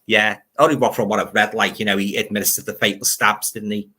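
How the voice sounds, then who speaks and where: An older man with a Liverpool accent reads viewer comments aloud on his casual livestream, grumbling and rambling on about films. He talks fast in a lowish, level voice that sounds pushed and bright with a breathy edge.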